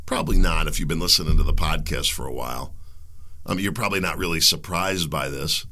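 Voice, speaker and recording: A man's voice: a bass voice, fast, gravelly, pushed and bright. A man from the United States hosting a podcast of impassioned political commentary, fervent and preachy, firing rhetorical questions and repeating words when heated. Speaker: podcast host.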